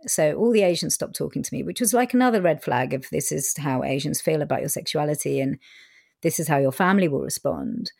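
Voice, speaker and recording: Low-voiced woman, frank storyteller. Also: brisk, vocal fry, darkish tone, slightly rough, no room sound, clean studio sound. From England. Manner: frank, sometimes swearing, many fillers. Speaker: interviewee. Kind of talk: candid personal storytelling.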